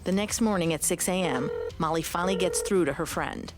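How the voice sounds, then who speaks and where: This is a woman telling a true crime story as a scripted podcast narration. Her voice sits low and deep, and she keeps a measured, dramatic pace as she lays out events. A faint bed of music plays behind her. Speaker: podcast co-host.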